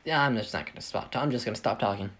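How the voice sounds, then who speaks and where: A man's voice: medium pitch, very fast, fairly bright tone. Rambling male fan fiction storyteller. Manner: rambling, self-interrupting, jokey. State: voice tired. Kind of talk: casual story reading with asides. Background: video game playing.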